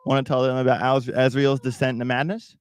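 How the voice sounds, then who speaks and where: A crypto YouTube host talks quickly to his livestream viewers in a casual, meandering style, often going back to restart or repeat his words. His medium-pitched voice is clear and resonant, delivered in a level tone. It's captured at studio quality with no echo.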